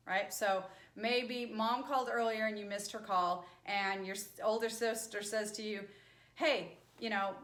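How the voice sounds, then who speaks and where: A woman's voice: on the high side, a bit bright. A woman teacher explaining grammar in a patient lecture, often checking in with "right?". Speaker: sign language teacher. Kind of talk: classroom lecture. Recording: echoey room.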